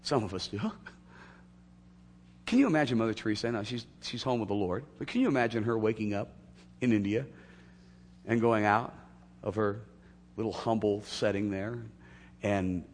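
A man preaching a sermon to his church, swinging from loud emphatic peaks to quiet asides. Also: fairly low pitch, moderate pace, pauses often, slight background noise. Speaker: pastor. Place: church sanctuary. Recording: long hall reverb.

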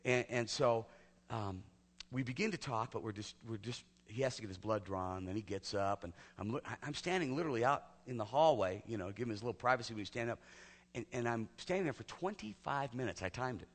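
A male pastor telling a personal story in a sermon, talking conversationally and often dropping to a hushed near-whisper. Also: mid-range voice, lively intonation, brisk. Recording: long hall reverb.

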